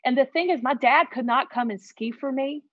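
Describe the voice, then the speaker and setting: A woman telling a heartfelt personal story as an interview guest, earnest and animated. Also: high voice, brisk, no room sound, muffled recording.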